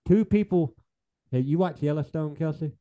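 A man's voice: a little high, normal speed, highs cut off. A man co-hosting a podcast, talking bluntly and swearing freely. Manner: blunt, profane, lively. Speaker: podcast co-host. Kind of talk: casual chat.

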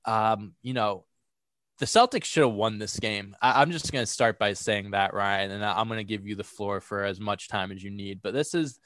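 A man's voice: on the low side, moderate pace, fairly bright tone, no room sound, clean studio sound. A young man hosting a casual sports podcast, sounding a bit congested from a cold and talking energetically with lots of fillers and restarts. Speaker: podcast host.

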